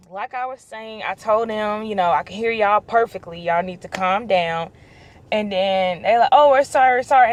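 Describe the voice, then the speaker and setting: Casting: young woman, mid-pitch voice, casual animated storytelling vlog. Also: a little hiss or hum. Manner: animated, acts out quoted dialogue. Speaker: vlogger.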